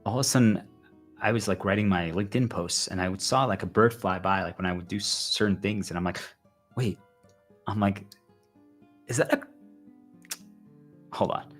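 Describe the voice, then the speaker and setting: A man's voice: sits low, fairly even intonation, quick pace, soft background music. A man livestreaming a rambling, intense personal monologue, full of repeated fillers. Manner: intense, repetitive, heavy use of "like".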